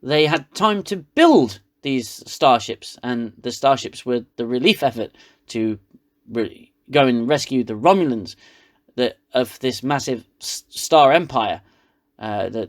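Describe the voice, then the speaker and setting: A man's voice: mid-range voice, expressive, unhurried. A man with a British accent giving a sarcastic, rambling comedic recap of a TV episode. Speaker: reviewer.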